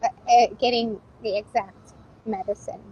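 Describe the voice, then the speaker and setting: A woman's voice: on the high side, fairly even intonation, normal speed, mellow, slightly rough, muffled recording. A woman hosting a casual chat, enthusiastic and laughing often. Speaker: host.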